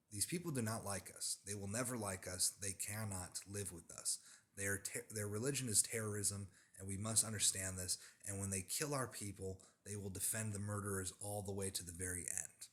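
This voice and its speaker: A man's voice: on the low side, normal speed, a bit bright. A man delivering an emphatic religious monologue, insistent and lecturing, repeating his points for emphasis. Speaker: religious commentator.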